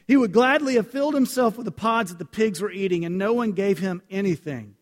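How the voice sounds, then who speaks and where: A man's voice: high-pitched, fairly quick. A man preaching a sermon and reading scripture aloud, talking earnestly and directly to his congregation. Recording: long hall reverb.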